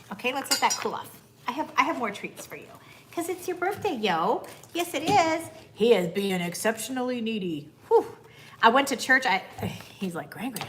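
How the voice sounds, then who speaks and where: A woman's voice: a little high, fairly bright tone, a little hiss or hum. A woman hosting a casual live stream, bubbly, greeting viewers by name and cooing to her dog. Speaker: livestream host.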